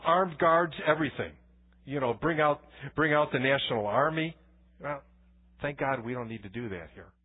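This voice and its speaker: A man's voice: on the high side, husky. A man pastor giving a conversational sermon with personal stories, often restarting his words. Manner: conversational preaching with anecdotes and frequent restarts. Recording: tinny phone-like church recording.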